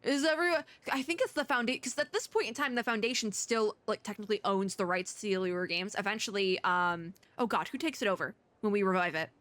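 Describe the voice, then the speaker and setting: A woman's voice: medium pitch, fast talker, few pauses, fairly bright tone, no echo. A woman hosting a casual let's play, chatting and rambling as she reads the game text aloud. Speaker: VTuber let's-play host. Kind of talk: casual gameplay commentary.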